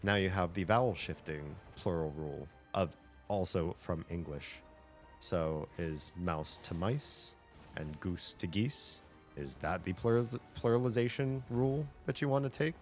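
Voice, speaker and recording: Low-voiced rambling male streamer. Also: unhurried. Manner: rambling, talkative, lecturing on language. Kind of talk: casual chat with stream viewers. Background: faint game music.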